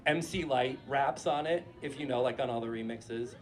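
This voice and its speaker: Animated, profane man telling a story. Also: medium pitch, moderate pace. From New Hampshire. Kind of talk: live storytelling. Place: stage in front of a live audience.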